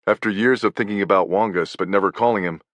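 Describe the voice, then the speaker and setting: A man reading nonfiction as an audiobook narrator, in a measured, even delivery. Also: fairly low pitch, no room sound.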